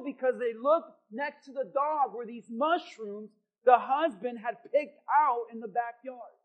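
A male pastor preaching to his congregation. He moves from a quiet prayer to a loud, stirring sermon. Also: very high voice, lo-fi sound. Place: church in front of a congregation.

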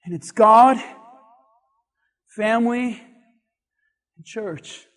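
A male pastor preaching in a church with a very high, light voice. His delivery is animated and climbs to shouted peaks, and long hall reverb trails every phrase. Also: drawn-out words. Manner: animated, rising to shouts at points. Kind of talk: sermon.

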